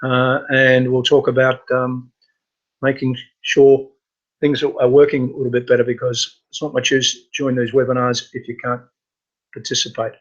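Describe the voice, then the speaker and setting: A man hosting a casual live computer training webinar, talking in a halting way with many fillers and restarts. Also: medium pitch, flat delivery, muffled recording.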